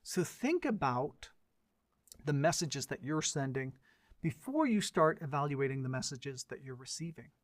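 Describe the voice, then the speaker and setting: Earnest higher-voiced male lecturer, dry sound. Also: sing-song, a little slow, no echo. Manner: earnest, uses rhetorical questions and lists. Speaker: lecturer and mediator. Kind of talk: educational lecture to an audience.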